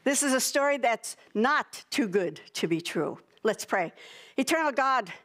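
A woman's voice: fairly high pitch, lively intonation, a little slow, fairly bright tone. A woman pastor in a church sanctuary, leading a prayer and giving a playful, coaxing children's sermon.

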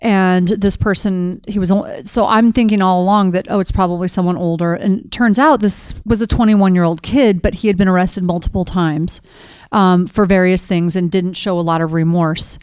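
A woman's voice: fairly low pitch, steady tone, moderate pace, darkish tone, smooth, no room sound. A middle-aged woman co-hosting a podcast in casual conversation, telling stories with animation and acting out quoted dialogue. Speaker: podcast co-host.

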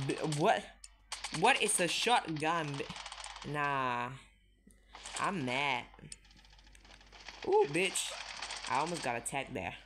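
A young man giving casual commentary while playing a mobile shooter, jumpy and constantly swearing, yelping when startled. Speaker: mobile shooter game streamer. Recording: noisy low-quality audio with loud hiss.

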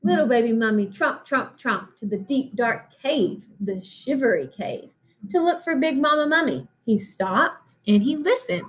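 Slow, expressive woman teacher reading aloud. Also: a little high, low-quality recording. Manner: slow, expressive, asks children questions. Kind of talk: reading a picture book aloud to children.

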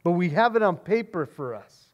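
A man preaching as a pastor, excited and casual, often repeating words and saying "man". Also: high voice, moderate pace, highs cut off. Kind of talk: expository sermon.

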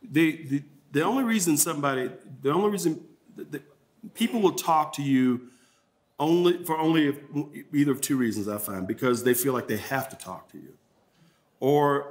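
A man's voice: mid-range voice, moderate pace. A man from Mississippi with a Southern accent, giving a journalism workshop talk and answering questions, often restarting with repeated words. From Mississippi, USA. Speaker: journalism trainer.

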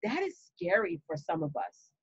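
A woman with a New York accent, hosting a casual live stream and telling a story to her viewers in a lively, chatty way, calling them y'all. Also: medium pitch, normal speed, gravelly, husky, no room sound, highs cut off. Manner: animated, chatty, talks straight to viewers with y'all and you know. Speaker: business coach and live-stream host.

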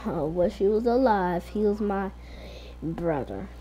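A woman's voice: medium pitch, expressive, measured pace, dark tone, dull audio, slight background noise. Rambling woman telling a game story. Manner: rambling, hesitant with many ums. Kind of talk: casual role-play game story.

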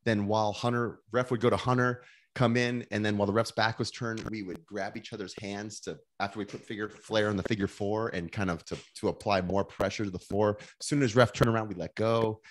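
A man's voice: on the low side, steady tone, fairly quick. Laughing middle-aged man telling stories. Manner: rambling, many restarts and laughs while telling stories. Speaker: podcast guest, former wrestler. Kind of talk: casual storytelling.

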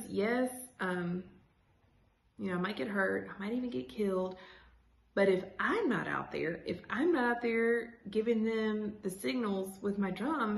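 A woman's voice: mid-range voice, gravelly. A woman teacher reading a children's chapter book aloud, stopping to explain in a casual way with many fillers. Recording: echoey room.

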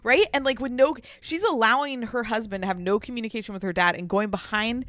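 A woman's voice: on the high side, brisk, fairly bright tone, no room sound, studio quality. A young woman co-hosting a casual podcast, blunt and profane, ranting animatedly about a reality show. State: pregnant. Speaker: podcast co-host. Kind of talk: casual chat.

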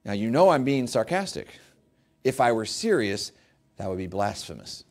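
A male pastor preaching a sermon, emphatic and rising to forceful peaks, acting out quoted prayers with mock pleading. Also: fairly low pitch, very animated, moderate pace.

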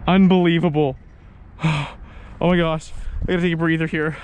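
A man's voice: a little high, flat delivery, moderate pace, darkish tone, slight background noise. A man vlogging from a boat on the water while fishing, giggling and exclaiming often. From Saskatchewan, Canada. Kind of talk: excited outdoor vlog commentary.

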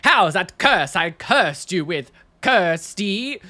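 A man's voice: sits high, very animated, takes it slowly, bright, forceful tone. A man, a body piercer, hosting a casual reaction video in a camp, sassy, exclamatory way. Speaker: body piercer and show host.

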